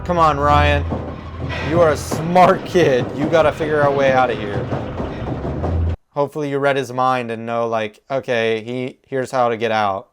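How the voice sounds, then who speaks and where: A young man hosts a TV reaction video, his mid-range voice holding a steady tone at a moderate pace. He still reacts emotionally and exclaims to his viewers in casual commentary, with faint music from the show playing behind him.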